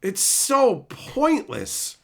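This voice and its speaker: A male streamer ranting at full heat, swearing constantly and mocking his targets. His voice swings widely in pitch, climbing and dropping with every outburst, and has a bright, forceful edge. The rant often rises to shouting. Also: wildly swooping pitch, extremely slow, creaky. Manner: profane, heated, mocking, shouting at times. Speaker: streamer host. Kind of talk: angry livestream rant, reading chat.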